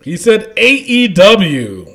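A man's voice: high-pitched, takes it slowly. A man hosting a casual podcast, reading out listener comments and laughing often. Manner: animated, laughing often, trailing off quietly. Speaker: podcast host.

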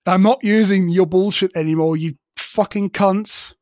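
Podcast co-host, man, slightly high voice, sarcastic sweary rants, dead dry room. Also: steady tone, moderate pace, a little mellow, no room sound. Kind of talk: casual tech podcast chat.

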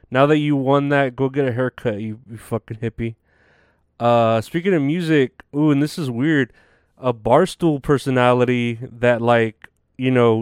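A man's voice: medium pitch, clear, resonant tone, dry recording, studio quality. A tired man hosting a casual solo podcast, rambling and swearing with lots of fillers and restarts. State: tired, yawning. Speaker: podcast host.

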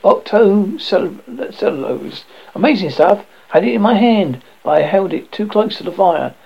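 Guy putting on a dazed half-concussed alchemist, raised raspy voice, lo-fi audio. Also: high voice, expressive, measured pace, pitched above the performer's own voice, full character voice. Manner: muttering in fragments, repeating himself. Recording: dull lo-fi recording.

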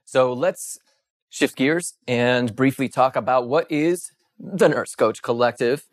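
A middle-aged man co-hosting a podcast, explaining things eagerly and quickly in casual chat. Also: medium pitch. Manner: excited, rapid explaining. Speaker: podcast co-host.

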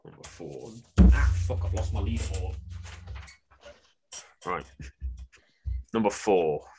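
A man's voice: low voice, takes it slowly, over music. A man hosting a casual quiz among friends, joking and teasing the players. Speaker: quiz host. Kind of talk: casual game chat.

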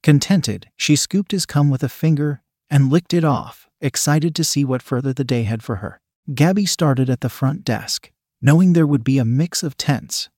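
A man narrating an adult story in an even, steady reading voice. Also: mid-range voice, no room sound, clean studio sound.

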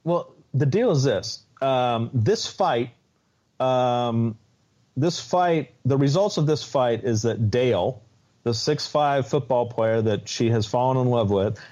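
A man's voice: mid-range voice, lively intonation, takes it slowly, a little mellow. A man co-hosting a podcast, recapping episodes in a rambling, casual way. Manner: rambling recaps with many restarts and fillers. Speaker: podcast co-host. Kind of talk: casual chat. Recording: dull lo-fi sound.

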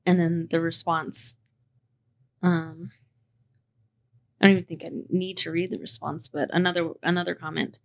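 A woman's voice: lowish voice, flat delivery, normal speed, gravelly, pauses often. A woman hosting a podcast, talking in a passionate, heated rant and cussing freely. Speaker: podcast host.

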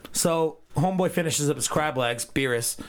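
A man co-hosting a podcast, recapping an episode in casual chat with crude jokes and quick character asides. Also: a little high. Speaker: podcast co-host.

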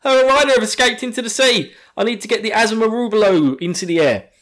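A man putting on a shrill, frantic young male soldier's voice for comic effect. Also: fast. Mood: panicked ranting. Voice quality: yelling, shrill. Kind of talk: comic impression in a podcast.

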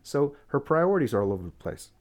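Medium in pitch and quick in pace, this young man is a guest in casual conversation recounting a family conflict. He's an animated storyteller who performs the quoted dialogue.

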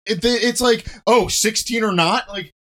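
Podcast co-host, male, high voice, blunt and halting, swears freely. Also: fairly bright tone. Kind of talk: casual chat reacting to videos.

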